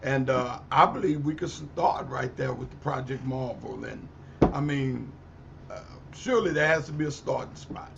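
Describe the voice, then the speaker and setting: A man, a pastor, speaking on a community panel in a deliberate way, searching for his words as he goes. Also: medium pitch, gravelly. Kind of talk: panel discussion. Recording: muffled audio with faint background noise.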